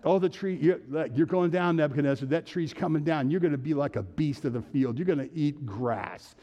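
High-voiced animated preacher in a reverberant hall. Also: male voice. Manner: animated preaching, call-and-response with the congregation. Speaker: pastor. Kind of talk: sermon.

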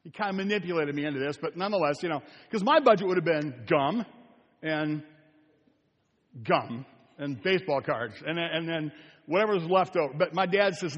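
A man's voice: a little high, moderate pace, big-room sound, highs cut off. Earnest older male pastor preaching. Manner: earnest, repetitive, pleading delivery. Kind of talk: sermon. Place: church sanctuary.

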